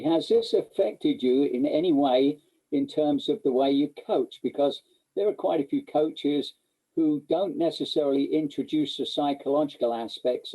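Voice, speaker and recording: Brief: male interviewer, measured and formal, mellow voice. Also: a little high, low-quality recording. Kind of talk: interview questions.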